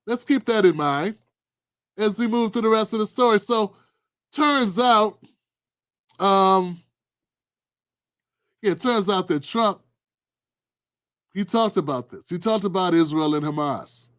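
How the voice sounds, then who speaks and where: A man's voice: sits high, slow, pauses often, a bit bright. A man hosting a political commentary livestream, casual and sarcastic, talking straight to his viewers. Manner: sarcastic, colloquial, talks to viewers.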